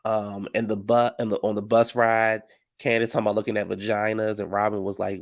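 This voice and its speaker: A man's voice: fairly low pitch, fairly quick, vocal fry, dry recording. Sassy gossiping man recapping reality TV. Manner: sassy, gossipy, animated storytelling with "honey" and "child". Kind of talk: casual recap commentary.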